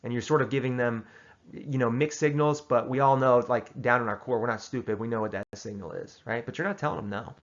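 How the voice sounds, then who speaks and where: A man delivers joking life advice as if it were dead serious, keeping a deadpan, matter-of-fact tone. His voice sits at an ordinary middle pitch. The recording sounds a little dull and lo-fi. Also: a little fast. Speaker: host giving tongue-in-cheek advice. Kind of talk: casual comedic advice monologue.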